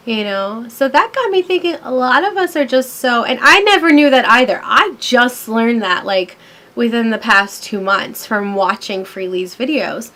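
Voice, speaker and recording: A woman's voice: a little high, moderate pace, fairly bright tone. A woman in her thirties talking casually to her camera, telling a story with lots of fillers. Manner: chatty, storytelling, many fillers. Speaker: vlogger. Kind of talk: casual rambling vlog. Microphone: camera mic.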